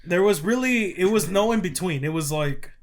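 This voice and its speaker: A young man co-hosting a podcast, telling school stories in animated casual chat. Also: sits high, normal speed. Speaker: podcast co-host.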